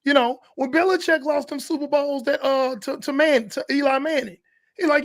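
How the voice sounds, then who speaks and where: High-voiced man in lively sports banter. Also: moderate pace. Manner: animated, acts out quotes in shifting voices. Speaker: podcast co-host. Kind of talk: casual sports talk.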